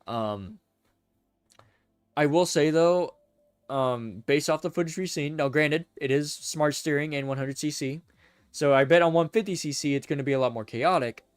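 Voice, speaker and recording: A man with a fairly high, clear, resonant voice talks at normal speed during a casual live stream. He's excitable and chatty, rambling and stammering as he corrects himself mid-sentence, with no echo.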